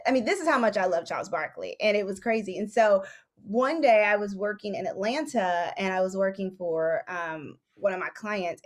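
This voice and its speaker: A woman in her thirties, a podcast guest telling stories in an animated, excitable way. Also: on the low side. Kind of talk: casual chat, storytelling.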